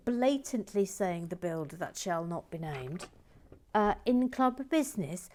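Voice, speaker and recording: A woman hosting a LEGO build, chatting casually and playfully, slipping into mock outrage and soft whispers. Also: on the low side, expressive, a little slow. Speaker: host building a LEGO set. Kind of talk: casual live chat while building.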